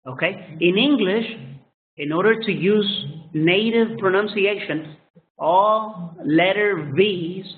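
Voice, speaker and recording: Slow-talking man with a tinny phone-like sound. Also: a little high. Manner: slow, drawn-out modeling of sounds with frequent "okay?" checks. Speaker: English pronunciation teacher. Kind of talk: phonetics lesson.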